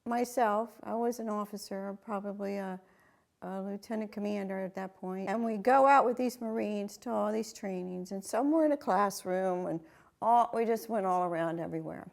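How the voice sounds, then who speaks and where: A woman's voice: medium pitch, moderate pace, gravelly. A woman, a Navy veteran, telling a story in an interview and acting out her own reactions.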